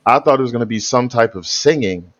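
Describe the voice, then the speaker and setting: A man talks through his reaction, circling back and restarting as he explains his point. His pitch sits mid-range. The sound is dry and a little dull, with no room echo. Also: fairly quick. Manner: hesitant, rambling explanations with restarts. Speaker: reaction video host. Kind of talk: casual reaction commentary.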